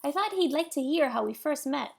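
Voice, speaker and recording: A woman voicing a chatty, friendly female otter with a lively, bright voice. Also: high voice, a little fast, vocal fry, voice pushed up.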